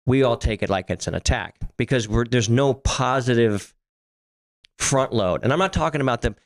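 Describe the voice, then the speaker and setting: A middle-aged man, medium-pitched and moderately paced, co-hosts a laid-back podcast. He talks bluntly, curses freely, and frequently begins his sentences again.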